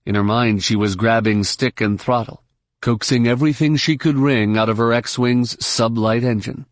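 A man narrates a science-fiction audiobook with steady, measured pacing. His voice is mid-pitched, and the recording is close and dry, with no sense of a room. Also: no room sound. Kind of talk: scripted narration.

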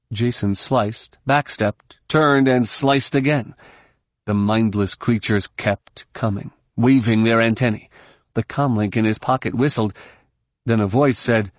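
A man reading scripted narration for an audiobook in a measured, steady storytelling manner. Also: medium pitch, dry recording, clean studio sound.

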